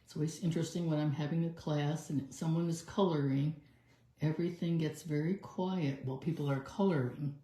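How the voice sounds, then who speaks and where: A woman's voice: low-pitched, fairly even intonation, brisk, mellow. A woman doing a live card-making demonstration, chatting through each step as she works. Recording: echoey room.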